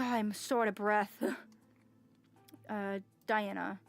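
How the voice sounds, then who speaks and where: A woman's voice: medium pitch, steady tone, slow, creaky, pauses often. A woman streaming a game, reading its text aloud and chatting casually, with frequent sighs and exclamations. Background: faint music.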